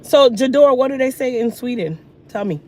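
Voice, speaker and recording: A woman in her thirties ranting casually while getting ready, sassy and animated, talking with food in her mouth. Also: a little high, normal speed. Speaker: hair care vlogger.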